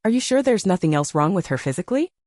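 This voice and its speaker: A man's voice: high-pitched, very animated, fast, a little mellow, no room sound, studio quality. A woman reading the lines of a stern, cold wealthy father in a storybook, speaking curtly. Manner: cold and curt.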